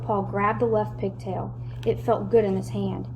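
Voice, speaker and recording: A woman reading a children's chapter book aloud in a lively, expressive way. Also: mid-range voice, moderate pace, background noise. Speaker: storyteller.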